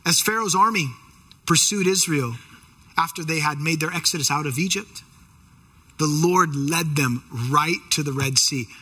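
A man preacher giving an animated sermon, emphatic as he retells scripture scenes. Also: fairly high pitch, breathy edge.

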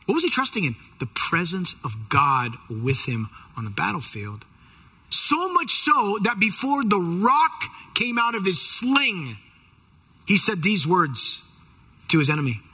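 A man preaching with a lively, swinging pitch and a bright, forceful tone. His voice has a husky grain as he retells scripture scenes with emphasis. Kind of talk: sermon.

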